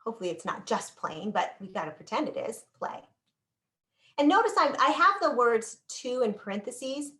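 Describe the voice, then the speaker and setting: A woman teaching basic sign language in an online class, drawing out words slowly as she demonstrates each sign. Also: fairly high pitch, very animated, fairly bright tone. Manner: slow, demonstrative, drawn-out words while signing.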